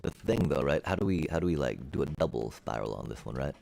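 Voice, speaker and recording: A man streaming a building game, musing aloud to his chat in a relaxed way and making playful beep-boop noises as he works. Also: rumbling low, quick pace, creaky, a little hiss or hum. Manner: chatty, musing aloud, makes beep-boop sound effects. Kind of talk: casual gameplay commentary to live chat.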